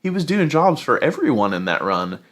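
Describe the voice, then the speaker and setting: A man's voice: mid-range voice, very animated, a little fast, a bit bright. A man co-hosting a casual podcast chat, giving long rambling opinions full of fillers like "you know". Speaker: podcast co-host.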